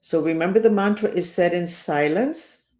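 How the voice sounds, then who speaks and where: A woman's voice: on the low side, normal speed, a little mellow, roomy sound. A woman hosting a self-help talk, rambling and sarcastic, with emphatic stresses. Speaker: host.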